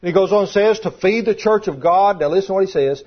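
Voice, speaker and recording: A man's voice: high voice, moderate pace. A man preaching a sermon to a congregation, emphatic and repeating his key phrases. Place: church room with congregation. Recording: dull lo-fi sermon recording.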